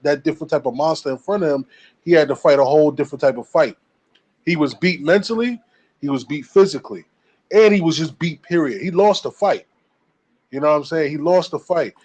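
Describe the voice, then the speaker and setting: A man's voice: a little high, a little fast, a little mellow. A man calling in to a casual boxing debate, talking with many fillers and restarts. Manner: hesitant, fillers, repeats himself. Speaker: caller giving boxing take. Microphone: remote call.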